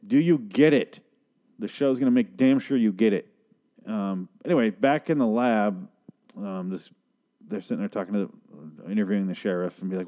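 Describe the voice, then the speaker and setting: A man's voice: lowish voice, mellow. A man recapping a TV episode in a casual, rambling, profane, sarcastic way. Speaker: podcast host recapping a TV episode.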